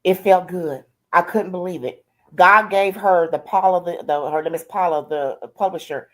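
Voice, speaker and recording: As a guest in a streamed interview, an older grandmother shares her life story warmly and colloquially, peppering it with "I said" and "she said." She speaks at a normal speed in a fairly low-pitched voice.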